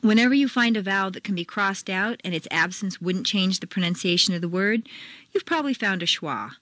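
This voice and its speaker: Clear woman teaching pronunciation. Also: medium pitch, expressive, fairly bright tone, no echo. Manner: clear, deliberate, modeling sounds slowly. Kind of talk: scripted instructional narration.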